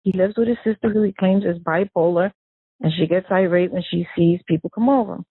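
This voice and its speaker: A woman tells her late sister's story, slipping into the voices of the people she quotes. Her voice is gravelly and husky, with a dry, close sound. It comes through a narrow, tinny phone line. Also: lowish voice, a little fast, no room sound. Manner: animated storyteller who acts out quoted dialogue. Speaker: victim's sister, interviewee. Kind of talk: emotional first-person recollection.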